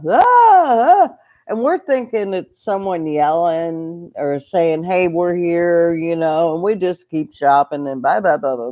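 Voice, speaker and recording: Woman, homestead host, casual livestream chat, rambling, slow-paced, muffled lo-fi audio. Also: fairly low pitch. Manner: chatty, rambling, greets viewers mid-story.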